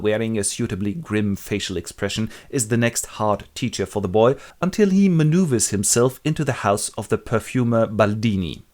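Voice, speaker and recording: A man narrating a comic book summary in a wry, playful, joking way. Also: lowish voice. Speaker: literature video host.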